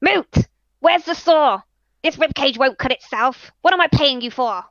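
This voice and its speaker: Woman doing a shouting grumpy kobold. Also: high voice, lively intonation, measured pace, dry recording, muffled recording, voice pushed up, full character voice. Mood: angry. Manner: shouting, bad-tempered. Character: short grumpy deep red male kobold surgeon.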